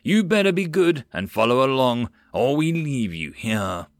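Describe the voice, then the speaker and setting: A man's voice: medium pitch, sing-song, a little slow, no echo, clean studio sound. A man playing a cocky male marine sergeant who barks orders and teases, in an audiobook. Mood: gruff. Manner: barking orders, teasing.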